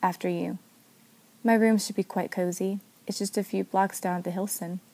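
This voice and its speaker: A woman voicing a smooth-talking male vampire who teases and threatens his prey in a read-aloud story. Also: medium pitch, fairly even intonation, moderate pace, mellow, natural voice. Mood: flirting. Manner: sly, teasing.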